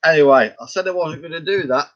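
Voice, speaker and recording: A man's voice: a little high, fast talker, a bit bright, muffled recording. A middle-aged Scottish man chatting casually about his paintings, rambling, chuckling and answering his own questions. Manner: rambling, chuckling, talks to himself. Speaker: artist vlogger.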